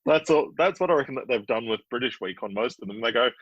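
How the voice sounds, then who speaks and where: An Australian man guesting on a casual podcast, opinionated and quick to laugh. His husky voice sits in a middle pitch. It comes through a dull, lo-fi line that sounds very dry. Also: expressive, fairly bright tone, no room sound. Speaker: podcast guest, former baking show contestant. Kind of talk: casual chat.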